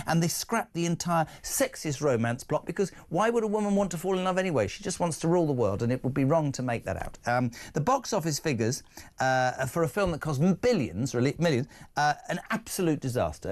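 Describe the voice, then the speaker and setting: Radio host guy, chatty and jokey, bouncy animated voice, reads out texts. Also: on the high side. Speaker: radio talk show host. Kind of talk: live talk radio, reading texts.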